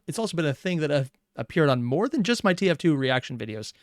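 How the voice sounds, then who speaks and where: A man's voice: a little high, rapid-fire, dry recording, studio quality. Chatty man hosting a reaction video. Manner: chatty, excitable, swears freely. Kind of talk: casual reaction commentary.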